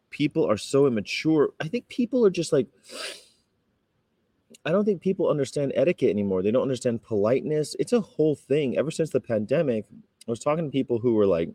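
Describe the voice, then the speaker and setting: A man from California talks to the camera in a loose, rambling way, retelling street encounters and raising his voice when he acts out the people in them. His voice is warm and dark, and the recording is close and dry, with no room sound. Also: medium pitch, lively intonation, a little fast, no room sound. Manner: rambling storyteller, acts out confrontations in raised voices. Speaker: vegan activist vlogger. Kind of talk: casual talking-to-camera vlog.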